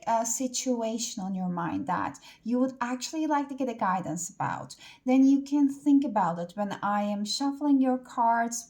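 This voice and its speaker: High-voiced woman reading tarot cards. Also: a little mellow. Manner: chatty, loose, many fillers like "like" and "uh". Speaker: tarot card reader. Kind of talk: casual pick-a-card reading to camera.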